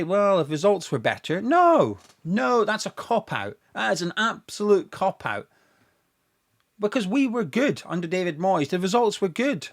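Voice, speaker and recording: Sarcastic man ranting, lively pitch. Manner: sarcastic, mocking, animated rant with mock quotes. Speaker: football fan podcast host. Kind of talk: ranting fan commentary.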